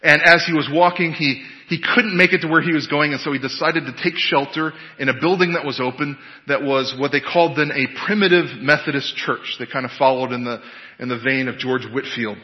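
A man preaching a sermon, telling a story with animated emphasis and hesitant fillers, recorded in an echoey hall with a dull, lo-fi sound. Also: on the high side, a little fast. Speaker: pastor.

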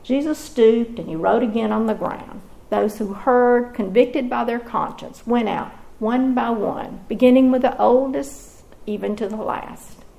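Gravelly-voiced woman teaching scripture. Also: on the high side, measured pace, hardly any pauses, mellow, low-quality recording. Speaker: Bible teacher.

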